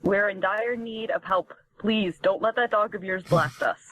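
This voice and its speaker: A man voicing a nervous male floating glove who pleads quietly and timidly, in a comedic fanfiction reading. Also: sits high, a little slow, heavily acted. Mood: pleading. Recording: dry tinny phone-like line.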